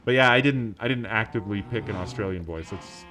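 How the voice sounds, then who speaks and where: A man's voice: on the low side, a little fast, bright, forceful tone, faint music behind. A man streaming a game, chatting casually, laughing often, swearing and rambling. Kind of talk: casual gameplay stream chat.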